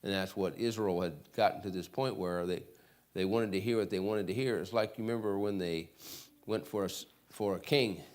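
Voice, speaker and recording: Deep-voiced man teaching Bible class. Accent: Michigan American. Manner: reads verses slowly and loudly, chats asides. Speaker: Sunday school teacher. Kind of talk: Bible lesson reading scripture aloud. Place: church classroom.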